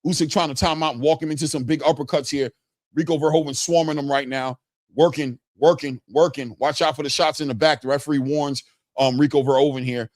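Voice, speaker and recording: A man calling a fight live for a watch-party stream, his voice jumping up in excitable bursts as punches land. He sits close to a dry, dead-sounding mic, with no room echo at all. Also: on the high side. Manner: excitable, talks in quick bursts. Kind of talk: live play-by-play commentary.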